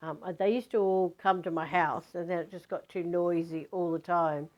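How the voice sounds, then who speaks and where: Woman, lowish voice, rambling spiritual storytelling, dull lo-fi recording. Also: fairly even intonation, normal speed. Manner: rambling, chatty, many fillers and restarts.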